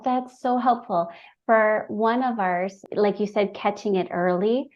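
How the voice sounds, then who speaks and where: A woman's voice: medium pitch, fairly even intonation, a little slow, darkish tone. A woman hosting a podcast, affirming her guest often and laughing easily. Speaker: podcast host. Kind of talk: casual interview talk. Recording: dull lo-fi sound.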